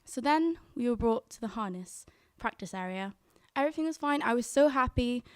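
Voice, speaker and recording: Young female storyteller, bright higher pitch, dry close mic, earnest delivery. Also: animated, moderate pace, no echo. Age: young adult. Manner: earnest, quotes her own thoughts aloud. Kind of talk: live storytelling.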